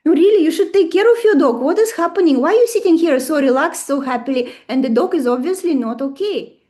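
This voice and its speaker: A man's voice: extremely high pitch, lively intonation, fast, darkish tone. A woman acting out a wise wandering man in a story she tells her class, pressing urgent, scolding questions. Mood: alarmed.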